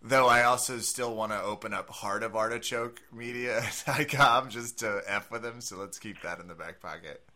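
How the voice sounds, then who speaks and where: A man's voice: mid-range voice, moderate pace, few pauses, pushed and bright. A man co-hosting a podcast in casual chat, riffing in a wry, rambling way. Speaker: podcast co-host.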